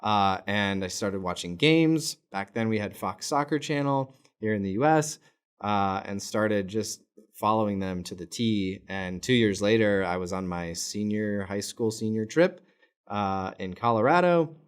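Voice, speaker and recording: Chatty American man, lower voice. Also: measured pace, smooth. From United States. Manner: chatty and rambling, many filler words. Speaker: fan channel host. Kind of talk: casual to-camera vlog.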